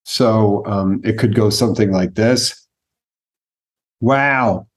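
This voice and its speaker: Man, coach and host, fairly low voice, measured and explanatory. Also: steady tone, a little mellow. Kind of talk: podcast conversation.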